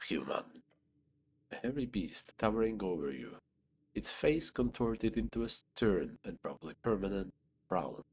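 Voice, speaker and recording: A young man narrating a fantasy game aloud as a streamer, with unhurried, descriptive storytelling. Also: lowish voice, creaky, warm tone.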